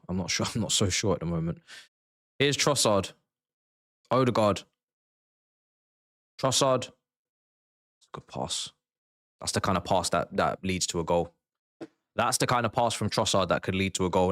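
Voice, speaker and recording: A man hosting a live football watchalong, reacting in a slangy, excitable way, swinging between mumbled asides and shouted outbursts. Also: low voice. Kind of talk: live match reaction commentary.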